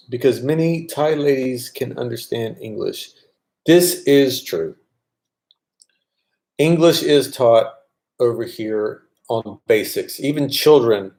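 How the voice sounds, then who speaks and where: A man's voice: mid-range voice, a little mellow. A man casually chatting on a live stream, reading viewer comments aloud and answering them. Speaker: vlogger answering live chat.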